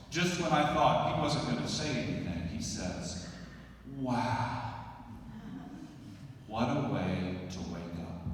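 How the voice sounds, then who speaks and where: A middle-aged man delivering a eulogy for his father, speaking slowly and reflectively with long pauses. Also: medium pitch, far from the mic, slight background noise. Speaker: son giving a eulogy. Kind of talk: eulogy speech. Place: large church sanctuary. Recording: echoey church hall, heard from afar.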